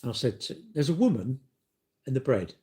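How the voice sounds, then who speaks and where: A man's voice: mid-range voice, big pitch swings, a little fast, mellow. A man, ranting bluntly and swearing in a casual live-stream monologue. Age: 60s. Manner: blunt, sweary, storytelling with acted-out quotes.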